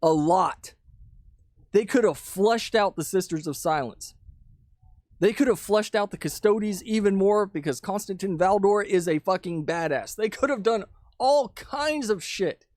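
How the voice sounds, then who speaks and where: A man with a fairly high voice rants into a pop-filtered mic. He is sarcastic and indignant, and he swears freely. The sound is dry and close, with no room around it. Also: animated, normal speed, darkish tone, dry recording. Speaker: commentary channel host. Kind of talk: ranting commentary. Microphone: studio mic with pop filter.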